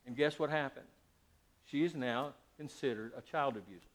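A middle-aged male pastor preaching a sermon, animated, shifting between loud emphasis and quiet asides. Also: medium pitch, moderate pace.

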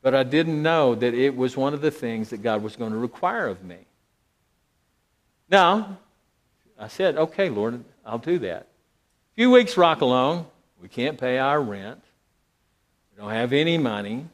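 A middle-aged man, a pastor, telling a personal story in a sermon, swinging dramatically between loud emphasis and hushed, near-whispered lines. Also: medium pitch, lively intonation, unhurried, long pauses.

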